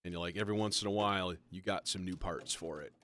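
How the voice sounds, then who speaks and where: Low-voiced man rambling casually on a livestream. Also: fairly even intonation, quick pace, pushed and bright. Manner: rambling, self-mocking, swears often. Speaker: livestream host building a modular synth. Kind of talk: casual livestream chat while working.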